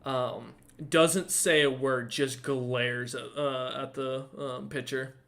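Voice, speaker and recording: A man's voice: medium pitch, fairly even intonation, takes it slowly, creaky, fairly bright tone. A man narrating a tabletop game as dungeon master, rambling with lots of fillers. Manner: rambling, many fillers and restarts.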